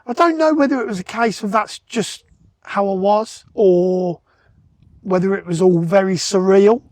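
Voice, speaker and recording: A man with a voice set higher than most men's talks as a podcast guest. He tells his story in casual, level-headed, matter-of-fact conversation. He often replays what others said to him. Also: measured pace, no echo. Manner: calm, matter-of-fact, retells dialogue.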